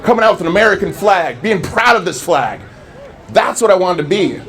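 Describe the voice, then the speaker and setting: This public speaker, a man in his forties from Southern California, shares his life story with a live crowd, acting out past conversations in earnest. His high-pitched voice is sing-song, a little fast and a bit bright.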